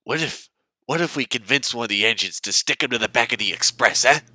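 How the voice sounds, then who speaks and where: Man putting on a sneaky plotting freight truck, wheedling, conspiratorial, sharp bright tone. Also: mid-range voice, animated, a little fast. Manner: sly, wheedling. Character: sly scheming male freight truck ringleader.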